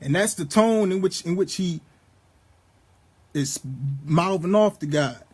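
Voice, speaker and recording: A vlogger with a high male voice carrying a slightly mellow, breathy edge rambles through a spiritual monologue. His style is preachy, profane and street-casual, but he slows down to read each line of scripture deliberately.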